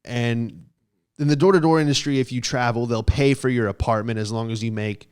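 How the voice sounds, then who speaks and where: A man's voice: mid-range voice, steady tone, a little fast, clean tone. A young man hosting a podcast, telling a story in a casual, comic, rambling way, with swearing and lots of fillers. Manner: rambling, profane, heavy on fillers. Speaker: podcast host.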